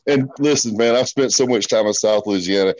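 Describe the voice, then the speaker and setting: Middle-aged guy on a podcast, blunt and cussing, low voice, muffled lo-fi sound. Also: a little fast. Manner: blunt, profane, animated storyteller. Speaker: guest. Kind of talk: casual podcast conversation.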